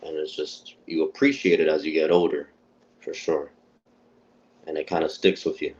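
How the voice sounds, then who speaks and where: A young man, a boxing prospect, calling in to a live show, talking in a relaxed way and often repeating words while he thinks. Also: very deep voice, moderate pace. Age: young adult. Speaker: boxer, interview guest. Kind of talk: casual call-in interview. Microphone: phone on a call. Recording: dull phone-call audio.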